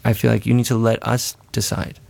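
A man's voice: medium pitch, flat delivery, a little fast, vocal fry, a little mellow, no room sound. A man being interviewed as a musician, talking in an earnest, rambling way with many restarts and self-corrections. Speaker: musician guest. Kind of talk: casual interview talk.

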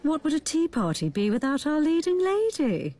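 An actor playing a polite, gracious doctor's wife. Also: female voice, sits high, sing-song, normal speed, warm tone.

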